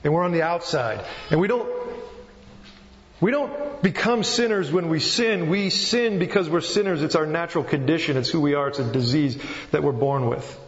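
A man preaching a sermon, reading scripture and explaining it in an earnest, halting way with frequent restarts. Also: on the high side. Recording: muffled, with long hall reverb.

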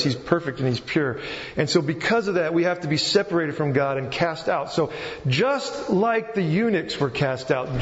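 A man preaching a sermon, reading scripture and explaining it in an earnest, halting way with frequent restarts. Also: on the high side. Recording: muffled, with long hall reverb.

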